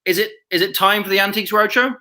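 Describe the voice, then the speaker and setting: A woman's voice: medium pitch, fast, sharp tone. A woman hosting an improv comedy show online, chatty and upbeat. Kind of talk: improv comedy on a video call.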